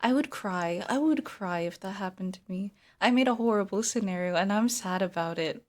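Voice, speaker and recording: A woman's voice: medium pitch, moderate pace. A woman streamer in casual, giggly, self-mocking chat, often slipping into a whisper. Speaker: VTuber streamer.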